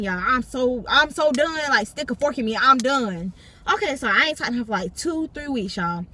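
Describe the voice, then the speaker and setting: Young adult woman, storytime vlogger in a car, slightly high voice, emphatic, addresses viewers constantly. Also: lively intonation, brisk, pushed and bright. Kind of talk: storytime vlog. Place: parked car.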